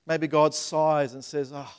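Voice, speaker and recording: Brief: male pastor, thirties, fairly high voice, chatty sermon that builds to forceful peaks. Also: little pitch movement, measured pace, smooth. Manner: conversational preaching with rising emphatic passages. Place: church sanctuary.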